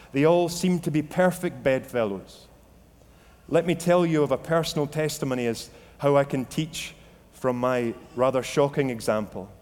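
Scottish preacher guy, earnest, slightly high voice, long echo like a big church. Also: a little mellow. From Scotland. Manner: earnest and reflective, with quoted inner dialogue. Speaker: pastor. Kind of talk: sermon. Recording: long hall reverb.

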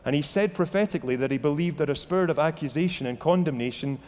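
This Scottish pastor, with a Scottish accent, talks fast in a fairly high voice with a darkish tone. Earnest and reflective, he preaches a sermon sharing his personal testimony, quoting inner dialogue, and long hall reverb fills the recording.

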